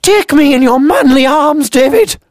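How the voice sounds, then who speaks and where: A man putting on a high, shrill woman's voice for a female friend who exclaims in shock. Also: animated, moderate pace, dry recording, clean studio sound. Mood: swooning.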